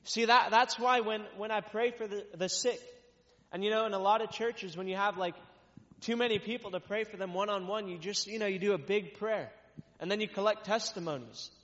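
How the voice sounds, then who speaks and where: A man's voice: high-pitched, brisk. A man, a traveling minister, reading scripture aloud and then preaching in a casual, repetitive way. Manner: reads scripture loudly, then explains in casual repetitive talk. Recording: dull sound with long reverb.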